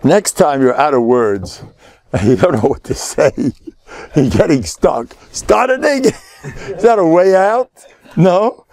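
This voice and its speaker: A man's voice: fairly high pitch, expressive, takes it slowly, darkish tone, no echo. An older man, a rabbi giving a jovial, laughing Purim sermon with mock-dramatic asides. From United States.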